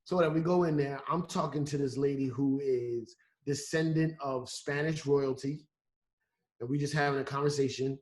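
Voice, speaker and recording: A man guest on a podcast telling a story in a casual, animated way, acting out what people said. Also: mid-range voice, moderate pace. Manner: animated, acting out quotes with restarts. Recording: roomy echo.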